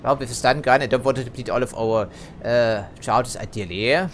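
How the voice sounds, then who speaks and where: A man's voice: mid-range voice, moderate pace, a little hiss or hum. A man giving casual let's play commentary, chatty, hedging and dryly critical as he plays.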